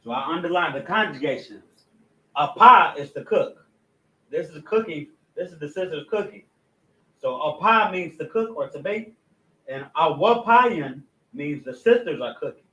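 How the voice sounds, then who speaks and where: A man leads a language class, spelling words out syllable by syllable as he writes. His voice sits a little high, and the recording sounds dull and lo-fi. He stops now and then to fix his own mistakes aloud. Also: lively intonation, bright, forceful tone, reverberant. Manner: spells words out slowly, corrects himself aloud. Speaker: class teacher. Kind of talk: Hebrew language lesson at a board.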